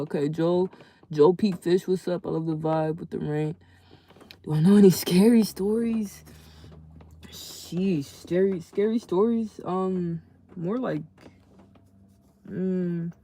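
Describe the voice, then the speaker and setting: A man casually telling a story to his live chat in a slangy, animated way, acting out the people in it. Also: a little high, creaky. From California. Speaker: livestream host.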